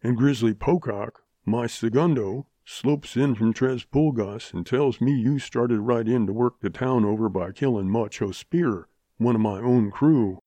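A man voicing a grumbling, irritable old one-legged rancher with a gruff western drawl. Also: medium pitch, unhurried, few pauses, mellow, dry recording, natural voice. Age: older.

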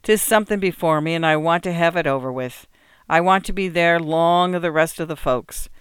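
A man's voice: on the high side, fairly quick, fairly bright tone, clean tone, no room sound, clean studio sound, close to an everyday voice. A man voicing a feeble, lonely old country man who speaks with a quavering voice in old-fashioned rural phrasing. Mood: weary. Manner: weary, patient, old-fashioned rural speech.

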